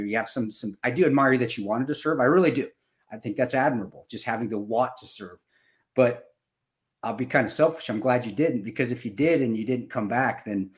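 Fifty something guy on a podcast, gets choked up, keeps restarting his sentences. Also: medium pitch. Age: 50s. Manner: emotional, halting, many restarts. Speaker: podcast co-host. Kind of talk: casual podcast chat.

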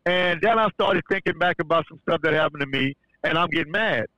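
A podcast guest gives a casual, church-style religious testimony in a fairly high, bright, forceful voice at a slightly fast pace, stumbling and restarting often before rising to fervent emphasis. The recording has no room sound but its highs are cut off.

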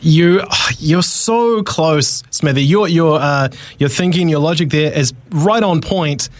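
A man's voice: on the high side, slow, no echo. A man hosting a radio sports quiz in a teasing, upbeat way, laughing often. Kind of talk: casual radio chat.

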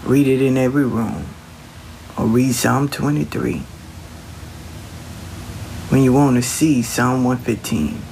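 A man's voice: mid-range voice, slow pace, creaky, pauses often, a little mellow, a little hiss or hum. A man giving a casual, colloquial spiritual pep talk, reassuring the listener and repeating his phrases. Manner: colloquial, slangy. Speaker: motivational speaker.

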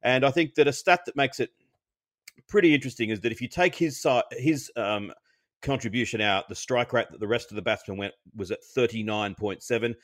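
A man's voice: mid-range voice, a little fast, fairly bright tone, dry recording, clean studio sound. A man co-hosting a podcast, giving a chatty cricket analysis broken up by frequent ums and restarts. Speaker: co-host.

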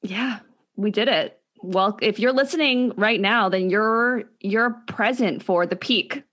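A woman hosting a casual podcast, talking quickly and steering the segments. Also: mid-range voice, a bit bright. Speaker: podcast host.

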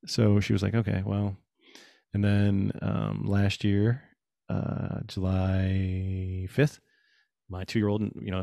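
Low gravelly guy in his thirties, animated storyteller, dry close sound. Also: no room sound. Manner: animated storytelling with acted-out quotes. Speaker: guest. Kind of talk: casual conversation.

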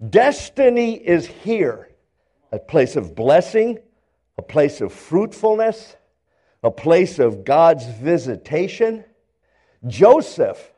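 A man voicing God, speaking slowly and patiently to Joseph in a sermon retelling. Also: sits high, warm tone, breathy edge, full character voice. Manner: slow, measured, reassuring.

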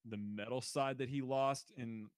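A man co-hosting a podcast, talking casually and animatedly, breaking into loud mocking impressions. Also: mid-range voice, a little slow, clear, resonant tone, no room sound, studio quality. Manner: animated, mimics people in shouted bursts. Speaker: podcast co-host.

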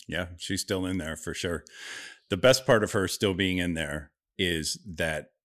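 A middle-aged man speaking in a somewhat low voice on a casual podcast. He teases his co-host with dry, deadpan humor and talks in an easy, conversational way. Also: unhurried. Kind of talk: casual chat.

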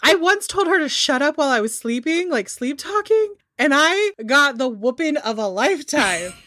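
A woman with a high, very lively voice chats casually as a podcast co-host. She tosses in quick, funny personal asides. The sound is dry and close. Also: no room sound. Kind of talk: casual chat.

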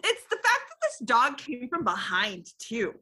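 A woman's voice: a little high, sing-song, a little slow, pushed and bright, husky. Foul-mouthed ranting woman. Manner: profane, ranting. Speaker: podcast co-host. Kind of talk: casual chat.

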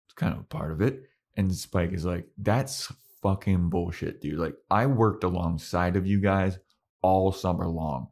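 A young man co-hosting a podcast, chatting casually and animatedly acting out characters' lines as he recaps an episode. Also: sits low. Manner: animated, acts out characters' lines in quick voices. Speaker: podcast co-host. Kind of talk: casual chat recapping a show.

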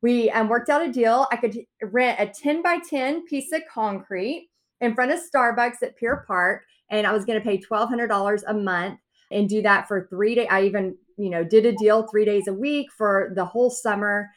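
A woman's voice: mid-range voice, moderate pace. A woman guest telling her own story in a podcast interview, acting out quotes with big swings in her voice.

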